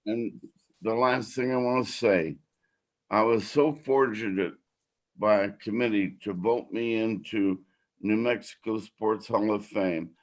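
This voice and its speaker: A man's voice: on the low side, fairly even intonation, unhurried. An older man hosting a podcast, talking in a heartfelt, emotional and rambling way. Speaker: podcast host. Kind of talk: casual podcast talk.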